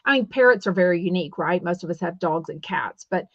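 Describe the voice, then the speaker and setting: A woman from Texas hosting a casual podcast, rambling quickly and reading listener comments aloud. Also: lowish voice, expressive, no room sound, dull audio. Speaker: podcast host.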